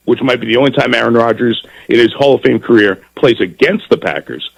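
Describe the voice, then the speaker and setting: A middle-aged football broadcaster appears as a guest on a radio interview, chatting in a lively way and repeating words as he starts a thought. His mid-range voice is fairly quick and creaky with hardly any pauses, and the recording is muffled.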